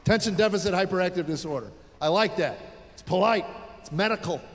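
A man in his fifties from the United States doing stand-up comedy on stage, an animated storyteller who acts out the people in his stories. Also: high voice, fast, a little hiss or hum. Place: stage in a large hall. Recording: reverberant live hall.

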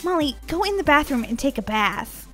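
Woman, high pitched, lively tone, motherly and patient, gaming role-play. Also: normal speed, soft background music. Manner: patient, motherly, mildly scolding. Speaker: role-player voicing the mom. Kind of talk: family role-play over game footage.

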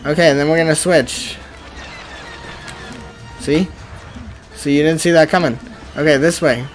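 Man, high voice, slow drawn-out talk, frustrated game commentary, faint background music. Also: steady tone. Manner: frustrated, ranting at the game, bursts of yelling. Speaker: streamer. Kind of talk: gameplay commentary.

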